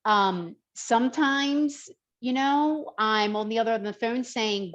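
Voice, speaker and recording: A woman's voice: on the high side, unhurried, dull audio. A woman personal trainer talking in a podcast conversation, emphatic and heartfelt.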